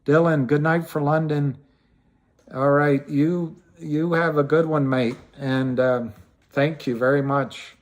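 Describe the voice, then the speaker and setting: A man's voice: a little high, steady tone, slow pace. A man hosting a casual livestream, rambling with frequent restarts and trailing thoughts, and greeting viewers by name as he answers them. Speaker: livestream host.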